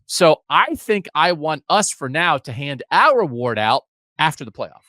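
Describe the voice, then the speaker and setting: A fairly high-voiced man talks through his case with plenty of rise and fall, pressing hard on each point. He jumps between asides and restarts in casual sports talk. The sound is dry and close. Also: very animated, bright, forceful tone, no echo. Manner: emphatic, argumentative, rapid asides. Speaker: podcast co-host.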